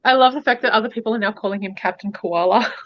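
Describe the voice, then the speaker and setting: A woman's voice: medium pitch, quick pace, highs cut off. An Australian woman chatting casually as co-host, playful and teasing. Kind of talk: casual chat.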